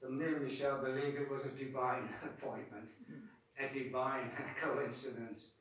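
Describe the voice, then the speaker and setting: A man's voice: medium pitch, little pitch movement, moderate pace, fairly bright tone. A man, a Christian street evangelist, tells a testimony story and often repeats words as he goes. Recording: echoey room from far off.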